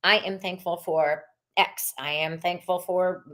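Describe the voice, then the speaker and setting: A woman hosting a live tarot reading stream, chatty and expressive, greeting viewers in the chat and laughing often. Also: on the low side, a little slow.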